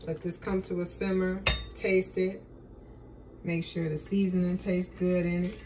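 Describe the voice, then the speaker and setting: A young woman talks casually to her viewers while she tastes her own cooking, loose and slangy in her phrasing. Her voice sits a little low. Faint background noise runs under the recording. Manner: chatty, slangy, talks while tasting food. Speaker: vlogger. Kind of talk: casual cooking vlog chat.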